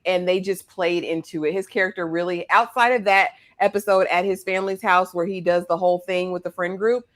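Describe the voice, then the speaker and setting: A woman's voice: fairly low pitch, fairly even intonation, brisk, fairly bright tone. A woman earnestly critiquing a TV character in a casual recap discussion. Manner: earnest, opinionated and reflective.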